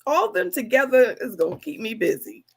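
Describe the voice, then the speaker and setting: A woman in her sixties chats on a podcast she co-hosts. Her voice has a gravelly edge, and she teases and banters easily with her co-host. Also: high-pitched, sing-song, fairly quick. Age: 60s. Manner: warm teasing banter with her daughter. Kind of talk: casual chat.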